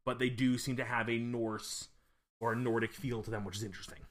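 A man co-hosts a casual podcast, his voice sitting at an ordinary middle pitch. He rambles through his thoughts, stopping to restart sentences and filling gaps with "uh" and "like". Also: flat delivery, fairly quick. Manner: rambling, hesitant, with many fillers and restarts. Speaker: podcast co-host.

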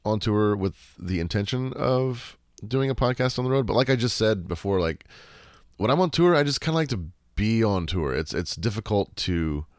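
A deep-voiced man talking through a casual solo podcast Q&A, easygoing and wry. He swears without a second thought and wanders through his answers with plenty of ums and restarts. The sound is close and dry, with no room around it. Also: animated, moderate pace, dry recording. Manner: laid-back, sarcastic, swears freely; rambling with many fillers and restarts. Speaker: podcast host.

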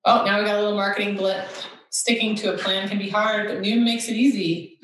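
A woman's voice: mid-range voice, little pitch movement, a little fast, a bit bright, a little hiss or hum. A woman host chatting casually and reading quiz questions aloud with sarcastic asides. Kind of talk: casual chat. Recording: echoey room, somewhat far from mic.

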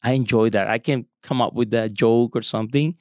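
A man's voice: mid-range voice, fairly even intonation, a little fast, darkish tone, no room sound, studio quality. A middle-aged married man earnestly giving advice in a casual chat.

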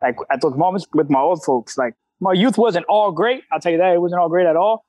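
Guest, man, thirties, high and dry, blunt street talker who cusses freely. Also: brisk, a little mellow, dry recording, low-quality recording. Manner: candid, streetwise slang, frequent cussing. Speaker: CrossFit coach, guest. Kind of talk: casual interview talk.

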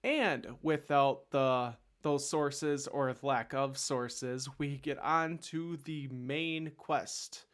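A man hosts a laid-back history podcast. He talks in a chatty way and hedges a lot with fillers. His voice is smooth and resonant, sitting at a middle pitch. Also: fairly even intonation, extremely slow, hardly any pauses, fairly bright tone. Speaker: podcast host. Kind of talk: casual history podcast chat.

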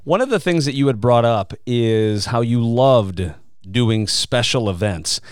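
A man's voice: medium pitch, expressive, a little slow, clean tone, dry recording, studio quality. A man hosting an interview, asking questions in a joking, friendly way. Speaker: podcast host. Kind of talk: casual interview.

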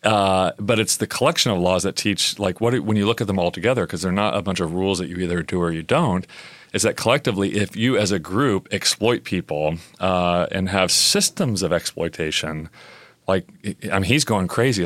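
Low-voiced man explaining on a podcast. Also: moderate pace, no room sound. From United States. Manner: animated and talkative, full of fillers and restarts. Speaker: biblical scholar on a podcast.

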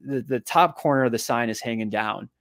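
A man, a physical therapist and author, telling a long personal story in a podcast interview, animated and often repeating his words. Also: medium pitch, fairly quick, creaky, no room sound, clean studio sound.

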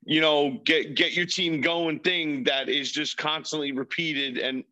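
A man's voice: a little high, fairly even intonation, a little slow, bright, forceful tone, lo-fi sound. A man co-hosting a sports movie podcast, swearing freely and retelling movie scenes with gusto. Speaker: podcast co-host. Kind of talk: casual chat.

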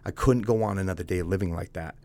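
Low gravelly guy telling his story on a podcast, blunt, says dude a lot. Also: quick pace, darkish tone. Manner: blunt, conversational, calls the host "dude". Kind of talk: casual candid storytelling.

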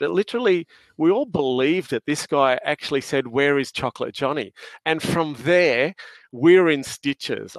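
A man's voice: a little high, no echo. A middle-aged Australian man, a podcast guest, chatting casually and telling stories with a laugh and plenty of slang. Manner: jovial, laughing storyteller with slang. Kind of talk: casual chat.

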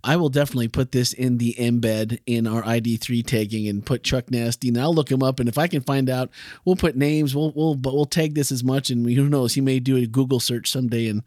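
A man's voice: mid-range voice, fairly even intonation, brisk, a little mellow, dry recording, studio quality. A man hosting a podcast, reacting playfully, laughing and chiming in during a story. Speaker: podcast host. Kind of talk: casual chat.

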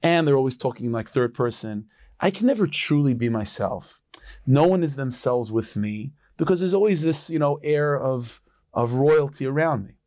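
A man doing a gentle, humbled king. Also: medium pitch, expressive, moderate pace, no room sound, clean studio sound, natural voice. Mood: confiding.

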